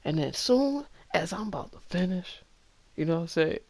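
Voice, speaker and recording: Young man telling an animated story. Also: high voice, moderate pace, no room sound. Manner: animated, rambling, laughs while telling. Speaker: vlogger. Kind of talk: story time vlog.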